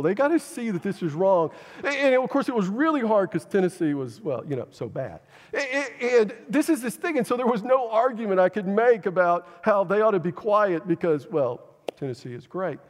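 A man preaching a sermon as pastor, talking in a conversational, animated storytelling way with humor, stumbling into restarts when he gets excited. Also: a little high, long reverb tail.

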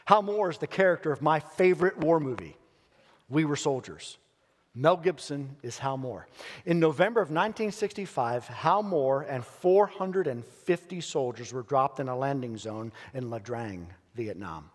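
Earnest pastor in a reverberant hall. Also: male voice, medium pitch. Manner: earnest, emphatic, dramatic storytelling with pauses. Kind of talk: sermon. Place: church sanctuary. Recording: long church hall reverb.

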